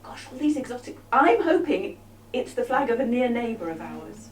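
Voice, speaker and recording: A woman's voice: fairly high pitch, very animated, moderate pace, a little hiss or hum. Wry woman comic in an echoey hall. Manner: wry, chatty, teasing. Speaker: comic performer. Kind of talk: live comic show with audience banter. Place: arts venue stage. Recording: roomy, echoey hall from far off.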